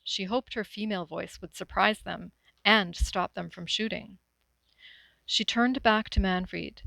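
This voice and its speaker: Woman storyteller, measured and expressive, dry close-miked sound. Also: medium pitch, creaky, no echo, poor audio. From Northwestern Ontario, Canada. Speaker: author reading her story. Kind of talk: storybook reading aloud.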